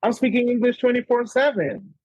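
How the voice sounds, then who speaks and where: A man's voice: very high-pitched, a little fast, dry recording. A Zimbabwean man with a blend of Zimbabwean and American accents, a chef telling stories as a guest in a casual interview. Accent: mixed Zimbabwean and American. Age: young adult. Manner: animated storyteller, stacks repeated starts. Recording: dull, dry lo-fi sound.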